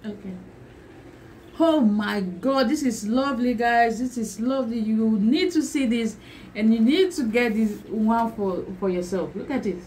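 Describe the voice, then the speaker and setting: A woman talks through an unboxing for her vlog, drawn out and slow. She gushes and says each exclamation again and again, laughing between phrases. A clear noisy hiss sits under the whole recording. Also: a little high, darkish tone. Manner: gushing, repeats exclamations over and over; laughs often between lines. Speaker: vlogger.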